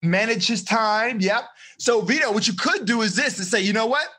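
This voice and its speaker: A man coaching teenagers on a video call, energetic and encouraging, quizzing his listeners as he teaches. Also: sits high, moderate pace, slightly rough. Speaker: life coach. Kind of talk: live online seminar for teens.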